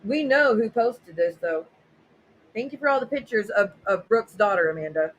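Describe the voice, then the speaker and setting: Reacting to viewer messages with blunt sarcasm and frequent swearing, this livestream host reads them aloud in a mid-range, animated voice at a moderate pace. The audio is poor.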